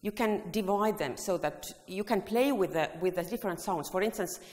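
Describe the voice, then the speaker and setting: A woman's voice: medium pitch, normal speed, darkish tone. Woman leading a singing workshop in a hall. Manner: leads the audience through vocal exercises, often singing phrases. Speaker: choir education presenter. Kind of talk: workshop demonstration with sung examples. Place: large hall. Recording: long hall reverb.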